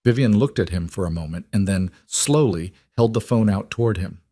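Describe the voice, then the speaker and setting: A man reading a scripted story in an even, unhurried way. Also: fairly low pitch, no room sound, studio quality. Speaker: narrator. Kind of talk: scripted narration.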